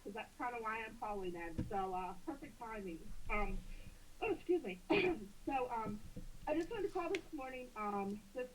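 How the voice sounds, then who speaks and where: A woman's voice: medium pitch, slight background noise, low-quality recording. A woman calling in to a radio show, chatty and hesitant, with many fillers. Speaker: caller. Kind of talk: phone call-in.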